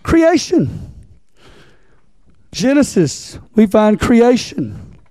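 A man preaches, teaching a Bible passage in a church with a folksy, repetitive style and questions for the congregation. His voice is high but mellow in tone. He talks slowly, and the sound is dry and close. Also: huge pitch swings, no room sound. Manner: folksy, repeats key words, asks the congregation.

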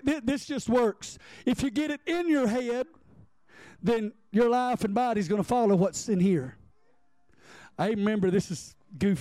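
A man preaching a sermon, animated and repetitive, stammering as he builds his points. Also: very high-pitched, no room sound. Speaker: pastor.

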